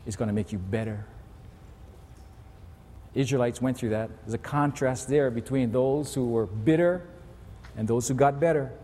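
A man preaching a sermon as pastor, animated, acting out pleading voices with big leaps in pitch. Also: moderate pace, long pauses, long reverb tail, slight background noise.

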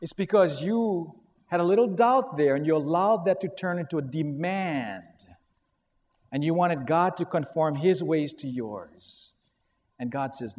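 A man's voice: a little high, darkish tone. A middle-aged man preaching a sermon as a pastor, telling stories with animation and acting out quotes. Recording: long hall reverb.

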